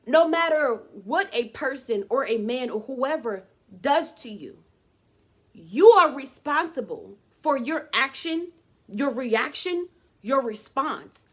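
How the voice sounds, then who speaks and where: A woman talking casually to camera, giving her opinions and acting out quoted voices. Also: high voice. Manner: animated, dramatic quoted voices. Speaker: vlogger.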